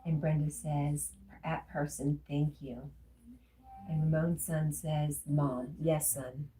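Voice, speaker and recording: A woman's voice: low-pitched, fairly even intonation, takes it slowly, soft background music. A woman hosting a casual livestream, reading viewers' comments aloud and answering them. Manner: warm, reads chat comments aloud, gets emotional. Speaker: livestream host reading chat.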